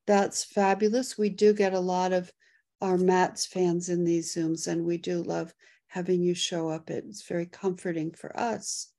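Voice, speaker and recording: A woman hosting a casual live webinar over a video call, excitable and quick to laugh as she reads poll results and the chat. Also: on the low side. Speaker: host.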